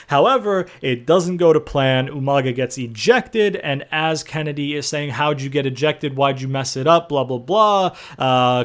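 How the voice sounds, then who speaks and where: A young man in the middle of his voice range, narrating his game session as a host. His talk is loose and rambling, full of fillers and restarts, with casual swearing. He sounds relaxed and conversational throughout. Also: medium pitch, smooth. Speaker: gaming video host. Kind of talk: casual game commentary recap.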